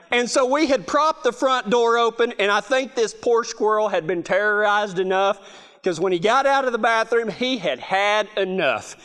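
A middle-aged man giving a humorous storytelling talk, laughing often as he goes. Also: high voice. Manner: laughing, animated storyteller with restarts. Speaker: speaker.

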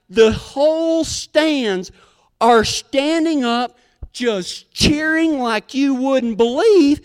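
A man's voice: very high-pitched, a bit bright. A man telling a folksy, self-mocking country story on stage.

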